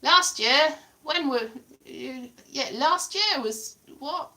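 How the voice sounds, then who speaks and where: Bright, lively young woman chatting. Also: high-pitched, slow, recorded from a distance. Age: 20s. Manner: chatty, self-mocking, laughs often. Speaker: livestream host. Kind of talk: casual livestream chat.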